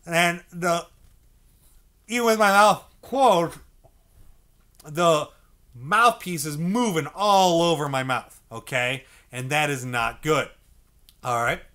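A man gives a saxophone lesson, explaining step by step, checking in often with "okay?" and acting out the mouth sounds. His voice is on the high side with a sharp tone.

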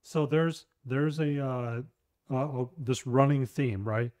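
A man's voice: mid-range voice, slow, a little mellow, no room sound, studio quality. A young man co-hosting a podcast in casual chat, blunt and rambling, swearing offhandedly. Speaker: podcast co-host.

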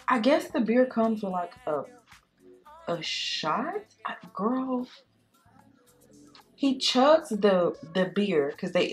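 A woman vlogger chatting casually while doing makeup, telling a date story in a sassy, animated way and calling the listener girl and baby. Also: fairly low pitch. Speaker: beauty vlogger. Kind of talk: casual storytime chat during makeup tutorial.

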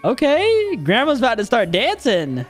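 A man's voice: extremely high pitch, huge pitch swings, normal speed, faint music behind. A man hosting a reaction video, chatting casually, exclaiming often and holding back laughter.

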